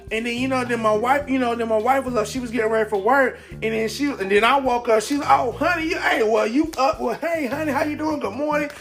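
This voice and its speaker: A man's voice: high-pitched, fairly bright tone. Rambling upbeat man talking to camera. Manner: rambling, repeats words, many fillers. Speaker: vlogger. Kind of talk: casual motivational talk to camera. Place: indoors at home. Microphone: camera in front of him.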